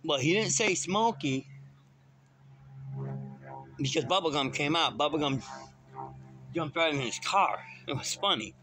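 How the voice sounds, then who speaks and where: A man's voice: a little high, lively intonation, unhurried, long pauses, sharp tone, soft background music. A man casually telling a rambling story straight to his viewers, as a vlogger.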